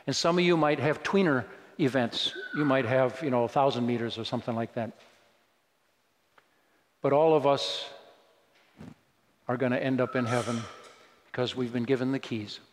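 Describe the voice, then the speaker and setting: A man's voice: mid-range voice, a little hiss or hum. A man preaching a sermon in a conversational way, breaking into sudden emphatic rises. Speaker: pastor. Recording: long reverb of a large hall.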